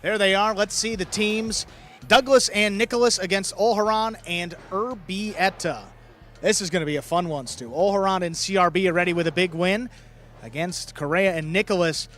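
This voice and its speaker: A man announcing live sports play-by-play in brisk, clipped calls of each play. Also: high voice, fairly bright tone, faint music behind.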